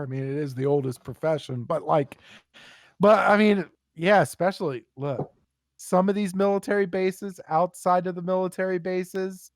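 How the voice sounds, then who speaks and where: A young man with a high voice tells a profane, animated story and slips into the voices of the people in it. The sound is close and dry, with no room behind it. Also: no echo. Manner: animated, swears a lot, acts out quotes. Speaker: podcast guest telling war stories. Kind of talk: casual storytelling chat.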